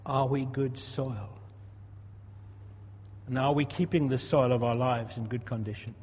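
A man's voice: mid-range voice, steady tone, unhurried, a little mellow, slightly rough. A man in his sixties preaching a sermon in a conversational way, asking rhetorical questions and repeating words as he goes. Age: 60s. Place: church. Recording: dull echoey hall recording.

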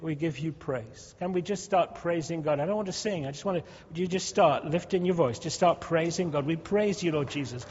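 High-voiced pastor praying fervently in a hall. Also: male voice, fairly quick, hardly any pauses, darkish tone, slightly rough. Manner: fervent, repetitive, rising pleas. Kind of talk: leading congregational prayer. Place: church hall. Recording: dull sound with long hall reverb.

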